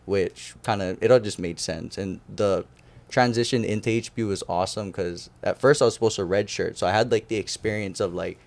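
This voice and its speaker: A young man from Hawaii telling stories as a podcast guest in casual chat, acting out the voices of the people he quotes. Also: lowish voice. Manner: animated, acts out quoted voices.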